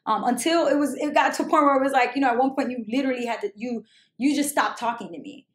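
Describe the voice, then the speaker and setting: A woman telling a story in a talkative, animated way as she chats with a friend. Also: high-pitched, fast talker, reverberant. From Brooklyn, New York. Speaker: channel host. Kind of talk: casual chat with a friend.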